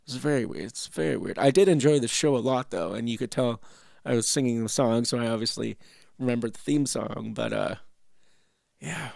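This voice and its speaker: A young man from Canada rambles through casual commentary, swearing and restarting his sentences. His voice is heavily gravelly. The sound is dry and close, with no room echo. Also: mid-range voice, normal speed, darkish tone. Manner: rambling, profane, self-interrupting. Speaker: host.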